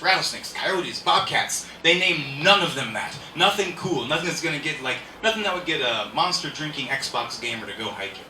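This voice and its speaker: At a live indoor comedy show, a man with a fairly high, sharp-toned voice rambles through his stand-up set and laughs at his own jokes. The mic sits far off in an echoey room, with a faint hiss underneath.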